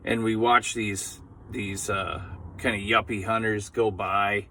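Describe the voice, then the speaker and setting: A middle-aged man performs a stand-up comedy set, his voice bright and forceful. He rambles through self-deprecating stories, padding them with fillers and asides. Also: lowish voice, flat delivery, slow, slight background noise.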